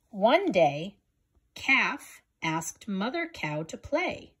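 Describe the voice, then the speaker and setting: A woman reading a children's picture book aloud in a gentle, expressive way. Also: a little high, slow, breathy edge. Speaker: storybook reader.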